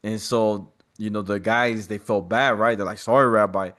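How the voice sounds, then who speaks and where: Lower-voiced man telling stories with street slang. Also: normal speed. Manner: animated storyteller, slangy and streetwise. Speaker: podcast guest. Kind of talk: casual podcast conversation.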